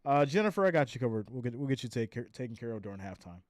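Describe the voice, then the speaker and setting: This live stream host sounds worn out as he calls plays and reads viewers' comments in a chatty, laughing manner. His mid-range, darkish voice races along with big pitch swings, recorded cleanly in a studio with no echo.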